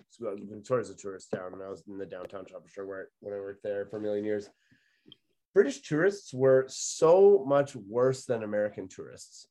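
A man chats on a comedy podcast at an ordinary pitch. He rambles through anecdotes, cursing freely and laughing along the way. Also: a little mellow. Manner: rambling, swears, laughs mid-story. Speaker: podcast host. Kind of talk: casual comedy podcast chat.

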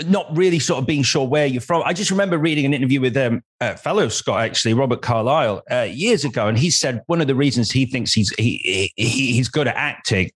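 A man from Leeds with a mostly neutral English accent, hosting an interview and chatting in an animated, jokey way with rambling asides. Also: medium pitch, brisk, few pauses, slightly rough. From Leeds, England. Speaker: interviewer, host. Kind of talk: casual interview chat.

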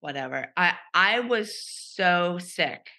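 A middle-aged woman co-hosting a chatty podcast over a video call. Her voice is bright and clear. She tells stories with animation and plays out the voices of people she quotes. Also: lowish voice, animated, takes it slowly. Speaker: podcast co-host. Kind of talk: casual storytelling chat.

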